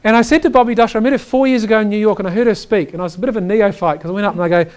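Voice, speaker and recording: A man giving an energetic chiropractic lecture, emphatic and animated, often checking in with "right?". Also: high voice, racing, clean tone. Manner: reads quotes aloud to the audience.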